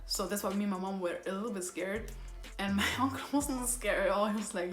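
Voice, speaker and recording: A woman's voice: medium pitch, brisk, roomy sound, soft background music. A young woman vlogger telling a casual storytime, rambling and using a lot of fillers. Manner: rambling retelling, filler-heavy with constant "like".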